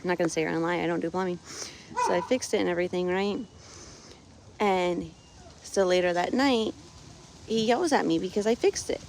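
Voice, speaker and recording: A woman's voice: fairly low pitch, fairly quick, vocal fry, long pauses, darkish tone, low-quality recording. A young woman venting about her family in a casual monologue, recorded outdoors on her phone with wind around her. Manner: frustrated, keeps tagging "right?". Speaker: vlogger. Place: outdoors on her farm, windy.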